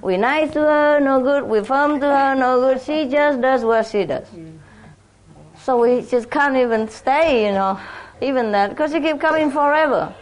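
High-voiced woman telling a lively story. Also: normal speed. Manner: animated, acts out neighbors in high voices, laughs often. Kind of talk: casual storytelling monologue.

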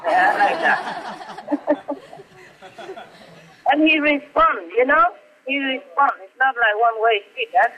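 A woman's voice: high-pitched, a little slow, pauses often, bright, forceful tone, poor audio. An older woman, a spiritual teacher, chatting playfully in a casual storytelling way, often laughing and repeating her words over a video call. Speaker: spiritual teacher answering questions.

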